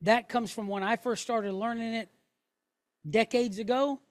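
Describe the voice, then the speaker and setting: A woman's voice: fairly high pitch, fairly even intonation, a little slow, no room sound. A middle-aged woman teaching a Hebrew class, explaining step by step and checking in with the room after each point. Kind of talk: classroom lesson.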